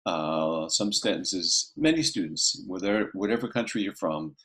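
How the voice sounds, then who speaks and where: A man's voice: deep voice, unhurried, a bit bright. A man teaching a casual math lesson, talking through each step aloud and checking in with "okay" often.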